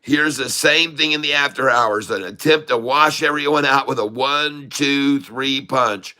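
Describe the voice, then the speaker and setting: A man giving excited live commentary on a stock chart, full of folksy slang and exclamations. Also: medium pitch, a little slow. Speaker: day-trading streamer.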